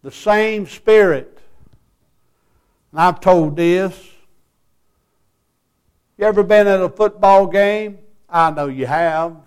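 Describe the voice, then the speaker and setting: An older man preaching a sermon, telling folksy stories and breaking into loud whoops. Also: high-pitched, slow, pauses often, clear, resonant tone.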